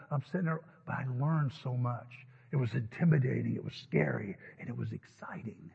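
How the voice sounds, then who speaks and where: A man's voice: mid-range voice, brisk, vocal fry, hardly any pauses, slightly rough. A man preaching a sermon, telling anecdotes and acting out both sides of conversations. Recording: phone-like audio with long hall reverb.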